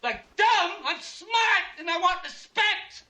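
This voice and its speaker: A resentful middle-aged mobster brother pleads in aggrieved bursts. His voice rides very high and piercingly bright. It sits in a roomy old film soundtrack. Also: slow pace, full character voice.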